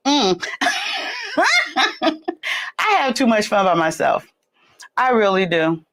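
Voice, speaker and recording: A middle-aged woman with a Southern accent hosting a casual livestream, chatty and laughing often, with sudden jumps in pitch. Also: animated, measured pace, long pauses. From California. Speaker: livestream host.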